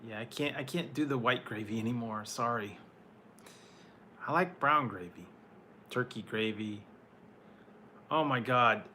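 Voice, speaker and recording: His medium-pitched voice sounds pushed and bright, running a little slow with frequent pauses over slight background noise. This adult food reviewer, once married, answers his live-stream chat in a loose, rambling manner, full of fillers and small laughs.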